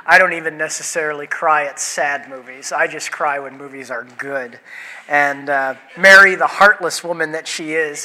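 Bright-sounding guy preaching, joking around w the congregation, pitch a bit up. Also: rough recording. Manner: playful, chatty with the congregation. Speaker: pastor. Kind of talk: sermon. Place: church sanctuary.

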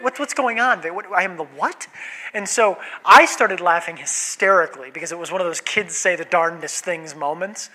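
A man in his thirties, a pastor preaching a sermon and telling a family story in a lively, storytelling way. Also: high voice, low-quality recording. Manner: storytelling, animated, laughs while telling.

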